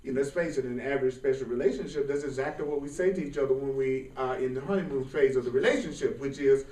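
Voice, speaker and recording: A man giving an informal spiritual class, talking in a lively, colloquial way and often laughing. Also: mid-range voice, fast talker, hardly any pauses. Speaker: spiritual teacher. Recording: roomy sound from a distant mic.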